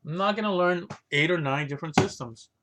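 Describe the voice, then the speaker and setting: A man's voice: fairly high pitch, fairly quick, background noise. A man talking casually through his collection of books, thinking aloud and rambling with many restarts and fillers. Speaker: vlogger reviewing his chess books. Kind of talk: casual unscripted talk.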